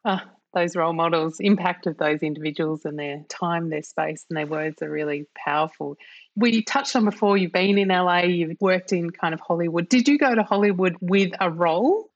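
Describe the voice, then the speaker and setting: A woman's voice: fairly low pitch, moderate pace, muffled recording. A woman hosting a podcast, asking thoughtful, probing questions. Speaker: podcast host. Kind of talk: reflective interview questions.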